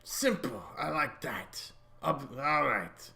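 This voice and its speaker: A man's voice: mid-range voice, lively intonation, slow pace, gravelly, bright, forceful tone. A man narrating as game master of a tabletop game in a loose, rambling way full of fillers.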